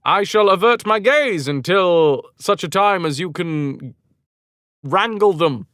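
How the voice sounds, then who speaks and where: A man voicing a prim, flustered courtly gentleman who uses pompous old-fashioned formal speech. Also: high voice, animated, slow, clear, resonant tone, no room sound, clean studio sound, exaggerated voice.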